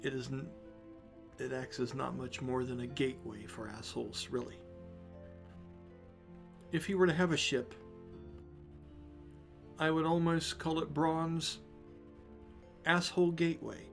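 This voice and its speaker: A man voicing a dry-witted male escort companion who talks low and wry. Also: little pitch movement, unhurried, vocal fry, pauses often, faint music behind.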